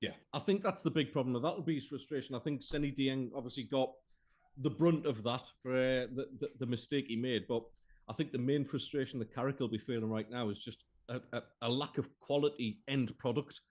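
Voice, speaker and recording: A man's voice: medium pitch, brisk, darkish tone. A man joining a live football stream as guest co-commentator, speaking out about the play and the refereeing. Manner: outspoken, complains about refereeing decisions.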